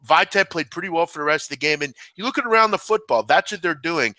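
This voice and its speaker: A man's voice: fairly high pitch, lively intonation, quick pace, sharp tone, no echo. A man breaking down a football team in casual sports analysis, talkative and often saying "I mean". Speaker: sports bettor.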